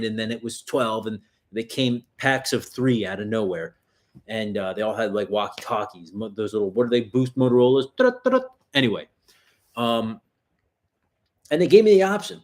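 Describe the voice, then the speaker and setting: Foul-mouthed man telling street stories. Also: lowish voice. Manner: profane, rambling street-story telling. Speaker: self-defense channel host. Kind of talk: casual livestream storytelling.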